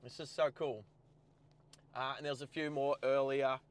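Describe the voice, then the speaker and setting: A man's voice: mid-range voice, little pitch movement, moderate pace, background noise. An Australian man hosting a casual live stream from his car, chatting and thinking aloud as he sets things up. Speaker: host.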